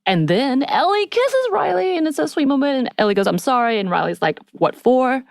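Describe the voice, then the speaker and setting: Her voice is high, creaky, and a little fast, captured in a dry, clean studio recording. As a podcast co-host, she chats casually through a TV episode recap, bringing the story to life by voicing the characters' lines.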